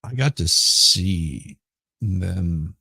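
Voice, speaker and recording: A middle-aged man with a Southern accent talks casually on his livestream. His voice is hoarse and gravelly, very deep and unhurried. He rambles and repeats himself in a dry, close recording. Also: animated, pushed and bright, dry recording. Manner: rambling, halting, repeats words. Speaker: livestream host. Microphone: headphones with mic.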